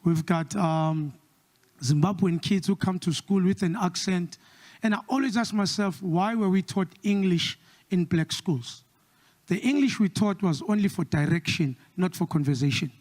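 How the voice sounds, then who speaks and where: A South African man performs stand-up with a distinctly high-pitched voice and a South African accent. He jumps between English and Xhosa, putting on quick impressions of the people in his stories. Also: a little mellow. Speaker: comedian. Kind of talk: stand-up comedy.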